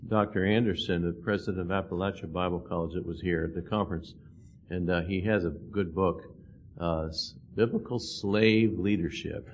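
A man preaching a sermon, earnest, quoting scripture and building emphasis on key words. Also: fairly low pitch. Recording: dull lo-fi sound with faint noise.

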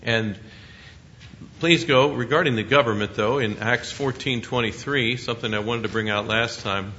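A man leading a Bible study, explaining scripture in a measured, teaching manner. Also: medium pitch, bright, forceful tone, a little hiss or hum. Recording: muffled lo-fi recording.

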